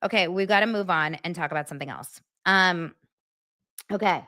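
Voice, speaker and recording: A woman's voice: fairly low pitch, normal speed, sharp tone, no echo, studio quality. Emphatic woman hosting a gossip show. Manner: incredulous, emphatic, repeats herself. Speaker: celebrity gossip show host. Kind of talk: casual chat to camera.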